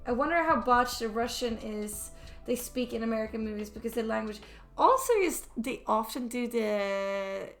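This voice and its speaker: Faint music plays behind a young Swedish-accented woman who chats while she draws on stream. Her voice is a little high, animated and a bit bright at a moderate pace, and she rambles with restarts and fillers.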